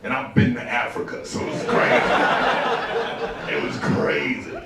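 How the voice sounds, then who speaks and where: Heard at normal speed in a very noisy, echoey club recording taken from a distance with a crowd present, this comedian from New York does profane stand-up on stage. He's animated and bursts into mock shouting.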